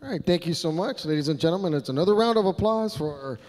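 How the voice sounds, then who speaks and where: A man emceeing a school assembly and leading energetic call-and-response chants. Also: high-pitched, quick pace, a little hiss or hum. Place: large hall. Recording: reverberant hall through PA.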